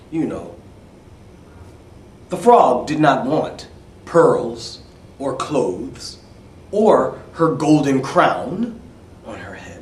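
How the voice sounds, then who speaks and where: A man telling a fairy tale as an English lesson, slowly explaining and repeating words, dropping to near-whispers for asides. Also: fairly high pitch, very animated, slight background noise. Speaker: English teacher. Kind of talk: storytelling lesson for English learners. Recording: echoey room, mic at a distance.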